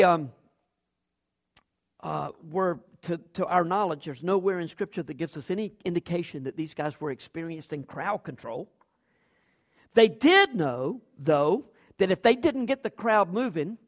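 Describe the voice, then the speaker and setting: A man preaching a sermon as pastor, acting out quoted lines with big jumps in his voice. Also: high-pitched.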